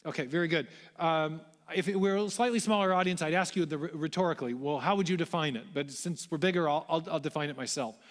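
A man's voice: on the high side, quick pace, hardly any pauses. A man giving a public lecture to a large audience, telling history as a story with self-deprecating asides. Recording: long hall reverb.

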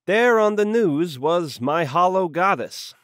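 A man narrating a hard-boiled noir audiobook in a wry, slangy, deadpan manner on a close microphone. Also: high-pitched, takes it slowly, no echo.

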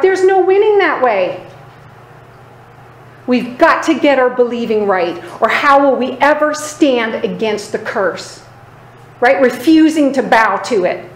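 A woman teaching a sermon with emphasis, keeps asking her listeners "right?" and drops into lower, quieter voices to act out other people. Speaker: Bible teacher. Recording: echoey room, faint background noise.

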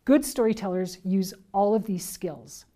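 A woman training teachers and parents, speaking in a clear, deliberate, teacherly way. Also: medium pitch, warm tone. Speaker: children's ministry trainer. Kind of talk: instructional talk to teachers and parents.

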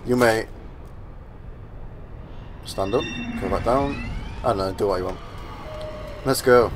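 Excitable man narrating his gameplay. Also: on the low side, unhurried, long pauses, background noise. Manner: excitable, exclaiming, mumbling. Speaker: gaming channel host. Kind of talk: let's play commentary.

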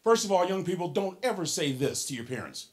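A man in his sixties giving a motivational keynote to young people, preaching to the crowd, calling out to them and swinging between soft and shouted lines. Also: high-pitched, very animated, a little fast, slight background noise. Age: 60s.

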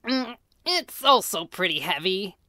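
A woman's voice: medium pitch, sing-song, unhurried, pushed and bright, no echo, clean studio sound. A woman voicing a timid, eager young boy sidekick who speaks sheepishly and hesitantly.

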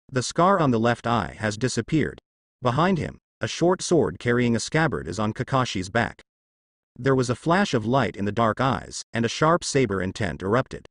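A man narrating a translated web novel in an even, matter-of-fact reading voice. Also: medium pitch, no room sound, studio quality.

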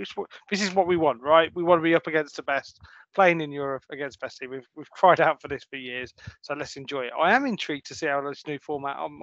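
Upbeat guy co-hosting, gravelly and bright, kinda dull lo-fi audio. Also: fairly high pitch, dry recording. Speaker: podcast co-host. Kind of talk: casual chat. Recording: dull lo-fi sound.

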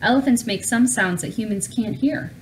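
A woman reading aloud as a patient father who is an engineer, explaining things calmly. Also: high voice, normal speed, far from the mic, a little hiss or hum, voice pushed up, natural voice.

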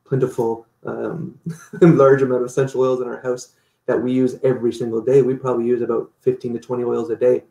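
A man being interviewed, telling stories in a lively way and acting out what people said. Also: medium pitch, a little fast, gravelly, roomy sound, muffled recording. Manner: animated storytelling, acts out quotes. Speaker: guest. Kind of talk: casual interview.

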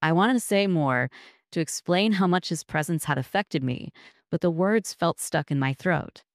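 A woman narrating a first-person story in a measured, reflective way. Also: on the low side, lively intonation, no room sound, studio quality.

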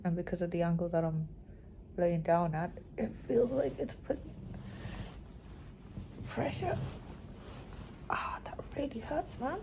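Gravelly-voiced woman vlogging from a hospital. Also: fairly low pitch, a little hiss or hum, low-quality recording. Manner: expressive, drops to hushed whispers often. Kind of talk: casual vlog talk to camera. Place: hospital room, indoors. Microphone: phone camera propped nearby.

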